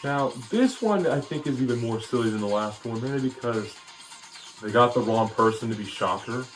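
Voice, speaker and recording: A man delivers a casual, opinionated video critique at a middle pitch. He rambles and restarts often, and faint music plays under his voice. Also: expressive, moderate pace, fairly bright tone. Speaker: video commentator.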